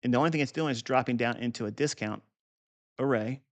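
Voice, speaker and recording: A man's voice: mid-range voice, quick pace. A man teaching a live market review lesson in a blunt, profane, rambling way. He repeats key points for emphasis and talks straight at the viewer. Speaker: trading educator.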